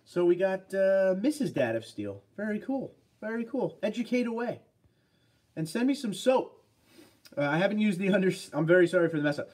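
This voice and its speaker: A man's voice: high voice, big pitch swings, moderate pace, a little mellow. A man hosting a casual livestream, chatting upbeat and rambling as he reads out viewer comments. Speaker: livestream host.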